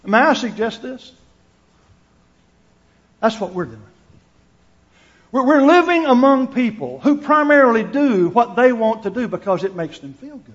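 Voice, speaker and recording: An extremely high-pitched man preaches at a measured pace with lively intonation and long pauses. His earnest sermon includes scripture reading, and he repeats words while thinking and asks the listeners questions. The recording sounds dull and lo-fi.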